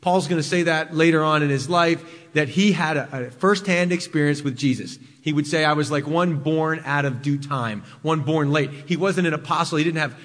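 A man's voice: on the high side, moderate pace, hardly any pauses. Preaching man in a reverberant church. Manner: storytelling preacher, swings between loud emphasis and quiet intimacy. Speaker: pastor. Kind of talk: sermon. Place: church sanctuary.

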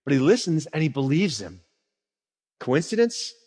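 A man preaching a sermon as a pastor, telling stories in a lively way and acting out the people in them. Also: fairly high pitch, moderate pace, husky. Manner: animated storyteller who acts out quotes. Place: church sanctuary. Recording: long reverb of a church hall.

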